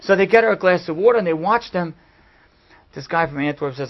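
A man giving a storytelling sermon, animated and acting out the people he quotes, in a dull lo-fi recording. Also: high-pitched, fairly quick. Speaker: speaker giving a talk.

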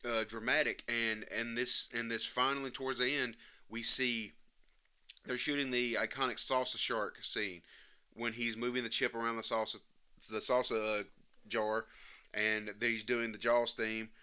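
A man's voice: medium pitch, flat delivery, normal speed, sharp tone, clear, resonant tone. A man giving a casual, passionate film review, emotional and emphatic, rambling through scenes and swearing now and then.

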